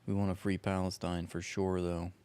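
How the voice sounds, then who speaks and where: A man's voice: deep voice, level tone, normal speed, a little mellow, clean tone. A man co-hosting profane, sarcastic political commentary, mocking what he watches. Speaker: co-host.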